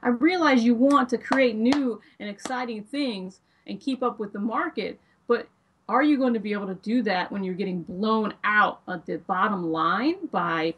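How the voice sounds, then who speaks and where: Female podcast co-host, persuasive and talkative, distant mic. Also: mid-range voice. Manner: opinionated, argues a point at length. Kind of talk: casual chat.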